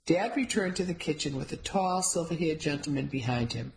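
A woman reading a cozy story in first person, wry and amused. Her narration is even and scripted. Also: fairly low pitch, normal speed, few pauses, poor audio. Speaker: audiobook narrator.

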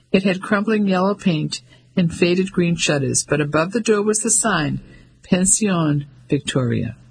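A man narrating an audiobook in a measured, even storytelling manner. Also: fairly high pitch, slight background noise, rough recording.

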